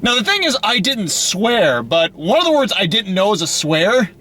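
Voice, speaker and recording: Young man, casual rambling chat, high bright voice, faint background hiss. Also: big pitch swings. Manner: rambling, uses fillers, quick to laugh. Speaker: podcast co-host.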